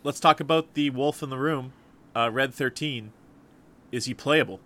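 Brief: man co-host, tense bright voice, animated, swears, laughs a lot. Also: medium pitch, moderate pace. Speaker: podcast co-host. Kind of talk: casual gaming chat.

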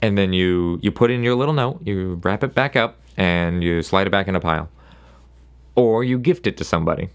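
Gravelly-voiced man rambling on a podcast. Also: deep voice, a little fast. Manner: rambling, sarcastic, self-interrupting. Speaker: podcast host. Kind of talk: casual solo podcast monologue.

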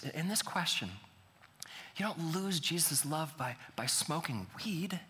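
A man's voice: a little high, expressive, a little slow, pushed and bright, big-room sound, slight background noise. A man preaching a sermon as pastor, earnest and building to emphatic appeals.

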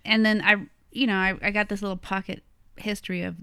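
A woman's voice: mid-range voice, level tone, fairly quick, bright, forceful tone, clean tone, dry recording. A middle-aged woman co-hosting a podcast, telling a travel story in a rambling, chatty way and laughing often. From United States. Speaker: podcast co-host. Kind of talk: casual chat, travel storytelling.

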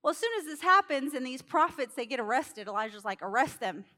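High-voiced woman preacher, animated storyteller. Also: fast talker. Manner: animated storytelling, acts out characters, laughs. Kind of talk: sermon.

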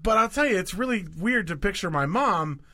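A man co-hosting a casual chat, trading jokes and deadpan asides. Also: high voice, a little fast, dry recording. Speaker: podcast co-host.

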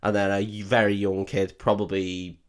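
Recapping a film on a podcast, this man keeps it casual, profane, and jokey, performing characters in shouted, exaggerated voices. He has a lowish, clean voice with little pitch movement and a moderate pace.

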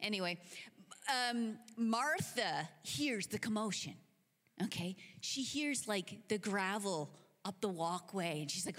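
Animated woman preacher telling stories. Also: a little high, takes it slowly. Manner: animated, casual, lots of filler words. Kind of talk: sermon storytelling. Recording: long hall reverb.

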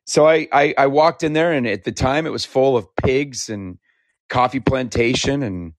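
A man from Idaho, talkative and animated, telling his story in a casual interview and laughing often. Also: mid-range voice, normal speed, dry recording. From Idaho, United States. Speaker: interviewee, founder. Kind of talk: conversational storytelling.

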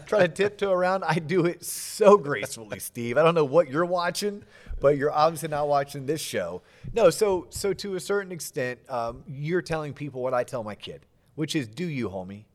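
A man's voice: on the high side, expressive, moderate pace. A middle-aged man hosting a podcast, chatting casually and animatedly with self-deprecating jokes. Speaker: podcast host. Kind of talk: casual interview chat.

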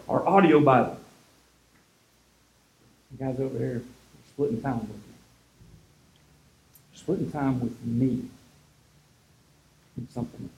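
A man's voice: mid-range voice, gravelly, darkish tone, echoey room, slight background noise, rough recording. A man preaching a casual sermon as a pastor, retelling scripture in an easygoing, conversational way.

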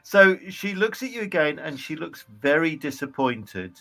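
A man narrating as game master of a tabletop game, with unhurried, descriptive delivery. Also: a little high, big pitch swings, pushed and bright.

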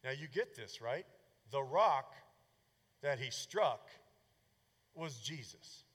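A male pastor giving a fervent sermon, his voice swinging from loud bursts to hushed asides. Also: medium pitch, lively intonation, slow, slightly rough, long reverb tail.

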